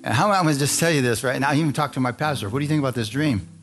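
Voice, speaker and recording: A man's voice: medium pitch, very fast, fairly bright tone. A man preaching a sermon, telling a personal story in a conversational way and calling out to the congregation. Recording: music playing behind.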